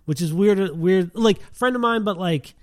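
A man's voice: high-pitched, normal speed, a little mellow, no echo. Man, casual chat, rambling storyteller, dry close sound. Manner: rambling, lots of "like", laughs while telling.

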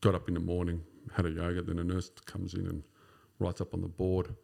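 A man in his fifties with an Australian accent and a very low voice, telling his story as a podcast guest. His voice has a rough, gravelly texture. He rambles casually and leans on "sort of" and "you know". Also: completely flat delivery, fairly quick, mellow. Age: 50s.

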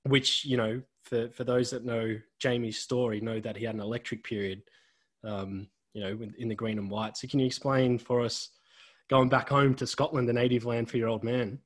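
A young man from Australia hosts a podcast and eases into his questions with fillers and restarts. His voice sits at a middling pitch, and he talks in a casual way. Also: steady tone, normal speed. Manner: hesitant, many fillers and restarts while asking questions. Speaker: podcast host. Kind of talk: casual interview chat.

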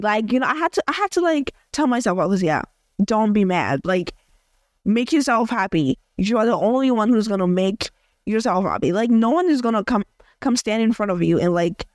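A young woman from Africa talks through her day in a casual podcast rant, rambling and full of fillers and restarts. Her voice sits at an ordinary middle pitch for a woman. The recording is dry and close, with no room sound. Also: darkish tone, no echo. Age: young adult. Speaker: podcast host. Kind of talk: casual audio journal rant.

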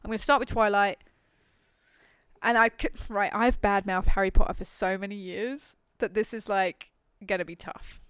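A woman's voice: medium pitch, moderate pace, clear, resonant tone, no echo. Chatty woman podcast host. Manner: chatty, animated, jokey. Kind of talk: casual chat.

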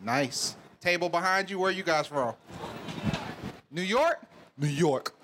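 A man's voice: high voice, lively intonation, a little slow, noisy background. A man from Alabama with a Southern accent, hosting a live event and joking with the audience. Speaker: event host. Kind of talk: live crowd work and hosting.

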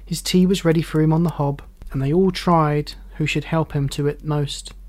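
A narrator reading a classic novel aloud with measured, expressive delivery and dramatic pauses. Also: mid-range voice.

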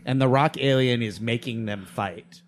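A man's voice: medium pitch, normal speed, slight background noise. A man co-hosting a podcast, giving wry, amused commentary in casual chat. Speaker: podcast co-host.

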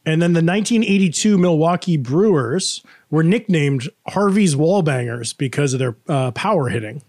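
Casting: man, slightly high voice, chatty podcast co-host, dry close mic. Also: expressive, normal speed, darkish tone, no echo. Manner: chatty storyteller, laughs often. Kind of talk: casual chat.

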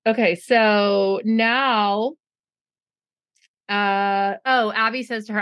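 A woman co-hosting a podcast, casually recapping a reality show in an animated, profane way, mimicking people and laughing often. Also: medium pitch, takes it slowly, no echo. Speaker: podcast co-host.

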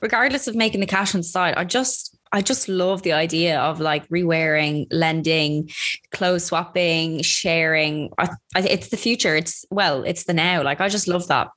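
A woman's voice: fairly low pitch, normal speed, fairly bright tone. A woman co-hosting a podcast, talking in a casual, enthusiastic and teasing way. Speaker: podcast co-host. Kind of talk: casual chat.

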